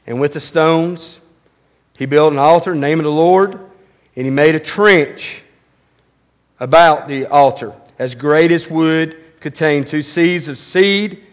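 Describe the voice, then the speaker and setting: Man, pastor, sermon, high-pitched, animated delivery, reads scripture then talks it through. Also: a little slow. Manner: animated, rising loud and high when mocking, dropping low and quiet on solemn lines; reads scripture aloud, then explains it conversationally.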